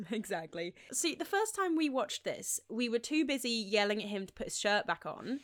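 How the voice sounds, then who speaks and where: A young woman in her early twenties, chatting casually on a podcast with a bouncy, widely swinging voice that sits a little high. She giggles often and drops casual slang. The sound is close and dry. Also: sing-song, normal speed, fairly bright tone, dry recording. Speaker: podcast co-host. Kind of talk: casual chat.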